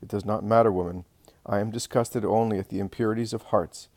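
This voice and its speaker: A man reading a gentle, solemn healer. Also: fairly low pitch, steady tone, fairly quick, no room sound, lightly acted. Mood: tender. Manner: soft and tender, then commanding.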